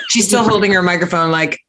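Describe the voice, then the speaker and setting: A woman's voice: fairly low pitch, noisy background. A woman co-host bantering and teasing with laughter. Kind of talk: casual comedic banter.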